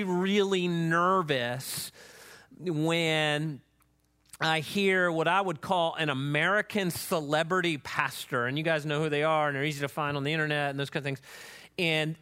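A man delivers a sermon as pastor with a high, bright, ringing voice. He talks to the congregation in an emphatic, conversational way, tossing in quick asides. His pitch climbs when he reads scripture aloud. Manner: animated, emphatic preaching with frequent "right?" asides.

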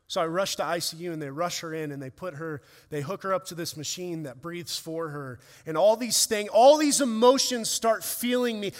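High-voiced pastor preaching in a reverberant church. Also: male voice, expressive, moderate pace. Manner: earnest storytelling, emotional swells. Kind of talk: sermon with personal story. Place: church hall. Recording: long reverb of a church hall.

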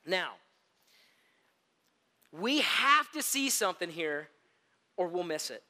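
High bright-voiced man preaching. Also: slow, in a large hall. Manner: animated storyteller, addresses listeners as gang. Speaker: pastor. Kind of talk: sermon.

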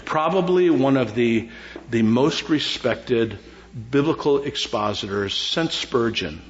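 A middle-aged man, preaching a sermon as pastor in an animated, joking way with lots of repetition. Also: lowish voice, reverberant. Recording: dull lo-fi sound.

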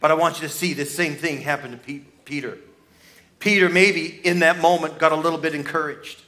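Forceful, dramatic preaching man. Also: on the high side, steady tone, a little fast. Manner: dramatic storytelling, swinging between loud outbursts and hushed asides; acts out quoted voices. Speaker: pastor. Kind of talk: Easter sermon.

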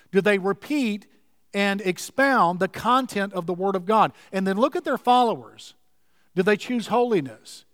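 A man's voice: high-pitched, no room sound, clean studio sound, long reverb tail. A man preaching a sermon, emphatic and fervent, repeating key words to drive his points home.

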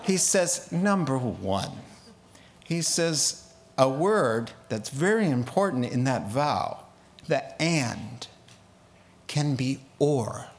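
A man teaching a casual Bible sermon, acting out the characters in the story with lively asides. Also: mid-range voice, slight background noise. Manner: animated, acts out biblical characters with quick asides and laughs. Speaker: preacher.

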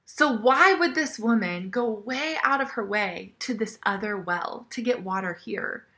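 A woman preaching a sermon in a conversational way, often dropping to a soft near-whisper. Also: medium pitch, a little slow.

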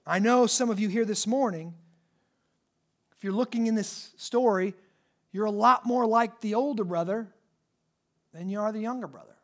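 A preacher giving a sermon in church, animated and emphatic, rising and dropping in pitch and loudness to stress points. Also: moderate pace, long pauses.

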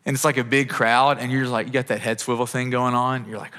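Long reverb fills the church auditorium as a man in his thirties preaches quickly, with few pauses, in a mid-range, slightly bright voice. The pastor is earnest and conversational and keeps restarting his sentences.

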